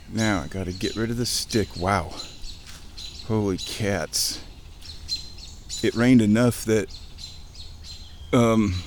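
A man giving casual running commentary to himself while wading through a muddy creek outdoors, chatty, with sudden excited bursts. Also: fairly low pitch, noisy background. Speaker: outdoor vlogger. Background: birds chirping.

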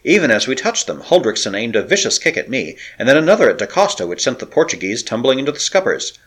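A man's voice: medium pitch, big pitch swings, fast talker, a bit bright, slightly rough. A man narrating an adventure story with a dramatic, varied delivery. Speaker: audiobook narrator.

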